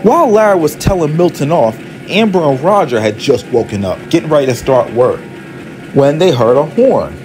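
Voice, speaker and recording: A man giving scripted storybook narration in an expressive way. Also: a little high, moderate pace, over music. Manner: expressive, performs all the characters.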